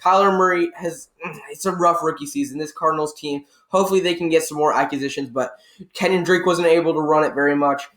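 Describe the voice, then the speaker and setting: A man talks through a weekend of football in a loose, rambling way, often stopping to correct himself. His voice sits a bit high for a man. The sound bounces around an echoey room. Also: fairly even intonation, fast talker, a bit bright. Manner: rambling, self-correcting game recap. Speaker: sports podcast co-host. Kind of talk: casual sports analysis chat.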